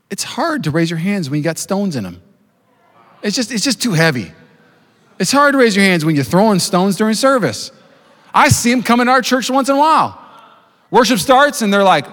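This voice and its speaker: A man in his thirties preaching a sermon to his church, talking fast with jokes and self-deprecating asides. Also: high-pitched, a bit bright. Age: 30s. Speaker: pastor. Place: church auditorium with live congregation. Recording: long hall reverb.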